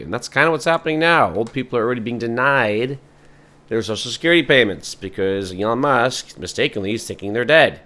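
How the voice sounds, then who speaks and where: A man's voice: medium pitch, expressive, fairly quick, sharp tone. A man hosting a podcast in a rambling, sardonic comic monologue full of fillers. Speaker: podcast host.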